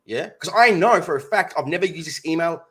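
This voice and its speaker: A man chatting as a co-host, blunt and quick to swear. His pitch moves a lot as he tells his stories. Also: slight background noise. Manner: blunt and swearing, lively storyteller. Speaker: podcast co-host. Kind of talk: casual chat.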